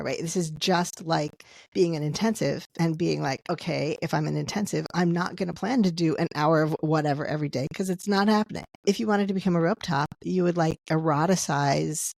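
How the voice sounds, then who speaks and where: A woman's voice: sits low, a little fast, gravelly, hardly any pauses, a little mellow, no room sound. A woman author, a guest on a podcast, explaining her ideas at length in casual conversation. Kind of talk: casual interview chat.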